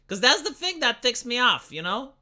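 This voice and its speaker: High, sharp-voiced ranting male streamer. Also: big pitch swings. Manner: ranting, sarcastic, profane; halting, with many restarts. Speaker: livestreamer. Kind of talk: livestream commentary reacting to film reviews.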